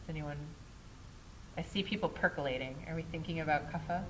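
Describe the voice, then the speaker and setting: A woman's voice: deep voice, a little fast, slight background noise, poor audio. A woman teaching a casual Ayurveda class at a yoga studio. She talks in a chatty way, keeps asking "right?" and laughs at herself.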